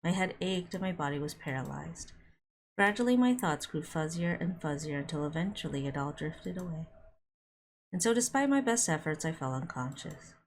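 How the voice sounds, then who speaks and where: A woman streaming a visual novel, reading its narration aloud and breaking off for quick reactions, with music under her voice. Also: low voice, lively intonation, slight background noise. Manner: reads narration with quick asides. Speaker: game streamer.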